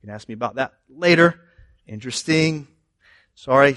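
A pastor preaches to his congregation in church with a mid-range voice and plenty of energy. Scripture quotations push him higher and louder, and he breaks off now and then for brief remarks to the people in the pews.

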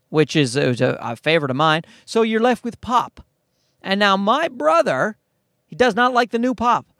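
A high-voiced middle-aged man rambles through a solo podcast, swearing freely and poking fun at himself. His pitch swings widely from line to line, and the sound is dry and close to the mic. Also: a bit bright, dry recording. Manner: profane, rambling, self-mocking. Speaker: podcast host. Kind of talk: casual solo podcast monologue.

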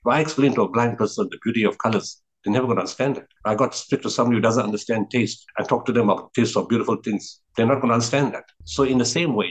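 A middle-aged South African man, a guest who founded a relief organization, tells reflective stories in an interview. His voice is lowish and the recording is low quality. He speaks earnestly, repeating words for emphasis and often restarting his sentences.

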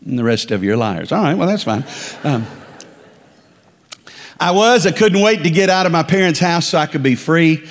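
A man's voice: fairly high pitch, animated, normal speed. A man from the Dakotas preaching as a guest speaker, emphatic and calling on the congregation to repeat phrases after him. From Dakotas, United States. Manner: emphatic, calls for congregation responses. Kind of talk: sermon. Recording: long reverb of a large hall.

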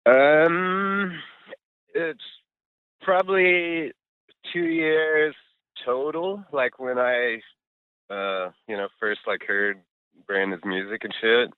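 Speaking slowly with frequent pauses, a middle-aged musician has a clear, resonant mid-range voice with fairly even intonation. He's a laid-back interview guest on a call, rambling, heavy on fillers, and swearing now and then. The remote line is tinny and dry, without echo.

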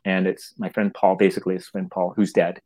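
Animated Canadian man telling a story. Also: deep voice, a little fast, rough recording. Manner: animated, laughing often, many restarts. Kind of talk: anecdotal storytelling.

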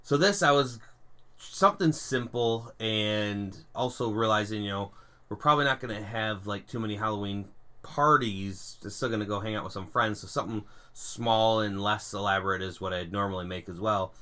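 A young man co-hosting a podcast, chatting casually and telling animated stories with puns. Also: fairly low pitch, normal speed. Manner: animated storyteller, puns, laughs at own jokes. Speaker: podcast co-host. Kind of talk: casual chat.

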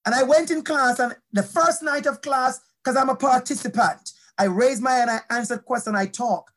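A woman from Jamaica, an educator telling a personal story during a conference talk, animated and shifting her pace as she goes. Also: sits high, moderate pace.

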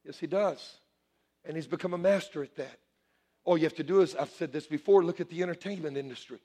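Preaching fast in a voice on the high side, a male pastor addresses a church congregation, his animated sermon building toward shouted calls for response.

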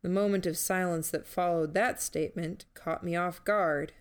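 A woman narrating a first-person novel in a measured, steady reading. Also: fairly low pitch, clean tone. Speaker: audiobook narrator.

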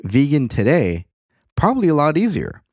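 A man's voice: a little high, moderate pace, no room sound, studio quality. A young man in his twenties hosting a casual chat, rambling and swearing freely. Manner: rambling, profane, animated. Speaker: podcast host.

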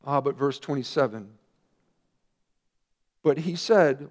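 A man, a pastor, preaching a sermon earnestly, with emphatic rising questions and quieter asides. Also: fairly high pitch, a little slow, pauses often.

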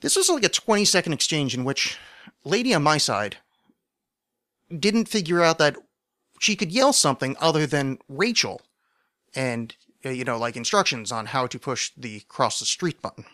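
A man's voice: fairly high pitch, animated, normal speed, dry recording. Dry, rambling podcast host, a man. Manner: rambling, wry, self-deprecating, acts out shouted quotes. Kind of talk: casual storytelling monologue.

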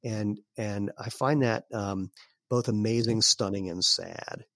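A man speaking as an interview guest, explaining in a relaxed way with fillers and some throat clearing. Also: on the low side, slow, no echo. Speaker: guest, barefoot sandal maker. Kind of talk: casual conversational interview.

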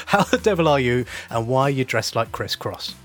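A man's voice: mid-range voice, expressive, moderate pace, a bit bright, soft background music. A man co-hosting a casual comedic podcast, wry and teasing in a mock-formal way. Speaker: podcast co-host.

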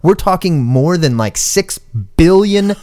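A man's voice: on the high side, lively intonation, slow pace, darkish tone. A man co-hosting a comics news podcast, emphatic and sarcastic in casual chat. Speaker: podcast co-host.

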